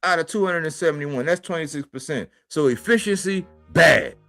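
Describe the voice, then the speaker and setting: A creaky, sharp-toned voice on the high side, a little fast, comes from a man hosting and commentating a boxing livestream. He talks emphatically in slang, repeating points for stress, with soft music in the background.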